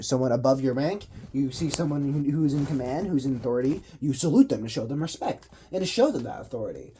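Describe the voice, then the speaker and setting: A man's voice: a little high, lively intonation, a little fast, dark tone, slightly rough. A man giving loose, slangy commentary and explaining what he does while he plays a video game. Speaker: gaming commentator. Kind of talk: casual gameplay commentary.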